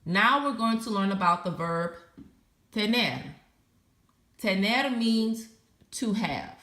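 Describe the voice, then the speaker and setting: A woman's voice: mid-range voice, animated, slow pace, fairly bright tone, echoey room. A woman teaching a recorded Spanish lesson, patiently spelling out verb endings letter by letter.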